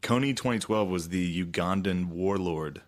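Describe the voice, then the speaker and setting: Low-voiced, crude, laid-back young man. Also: moderate pace. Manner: crude, laid-back storytelling with mocking put-on quotes. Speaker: podcast co-host, comedian. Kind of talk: casual chat.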